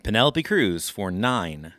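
A man's voice: lowish voice, very animated, measured pace, fairly bright tone, no room sound, clean studio sound. A man hosting a casual podcast quiz, playful and teasing. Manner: playful, teasing, breaks into sung imitations. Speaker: podcast co-host, quizmaster. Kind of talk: casual chat.

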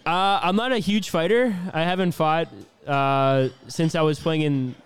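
Easygoing young Canadian man, smooth voice. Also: fairly high pitch, measured pace. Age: 20s. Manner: easygoing, laughs often, many fillers. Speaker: hockey player being interviewed. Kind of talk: casual interview answers.

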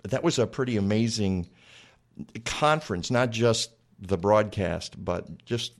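Male radio host, low-pitched, casual and rambling, studio. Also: a little slow. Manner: chatty, rambling with many fillers.

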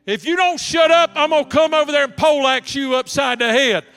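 A man voicing a blunt, feisty grown woman, loud and emphatic. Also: very high-pitched, fairly quick, clear, resonant tone.

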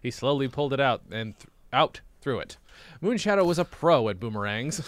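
A man's voice: medium pitch, lively intonation, normal speed, no echo. A man reading an old childhood story aloud with comic, sarcastic asides. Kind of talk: comedic read-aloud with commentary.

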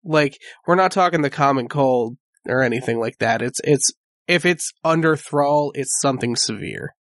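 A man's voice: medium pitch, moderate pace, fairly bright tone. A man running a tabletop game, describing scenes in an easygoing, descriptive way. His voice sits in a middle range for a man. The recording is dry, with no room echo. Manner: casual, descriptive storytelling. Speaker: game master.

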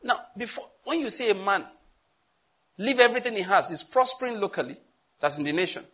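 A man with a Nigerian accent preaching a sermon as pastor, animated and telling stories with asides. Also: sits high, fairly quick.

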